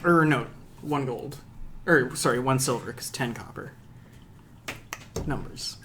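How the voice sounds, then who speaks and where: A man narrating a tabletop game as game master, relaxed and rambling, with casual asides. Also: mid-range voice, measured pace, noisy background.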